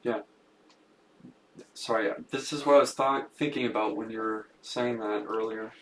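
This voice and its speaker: A man's voice: on the low side, fairly even intonation, moderate pace. A man chatting casually on a podcast, loose and hesitant, with lots of fillers. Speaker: podcast co-host. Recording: roomy echo with faint hum.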